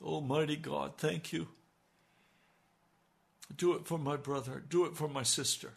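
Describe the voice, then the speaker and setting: A man's voice: fairly high pitch, fairly even intonation, unhurried, gravelly, slightly rough. A man preaching on the radio, praying fervently with rising, pleading cries. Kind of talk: impassioned radio prayer.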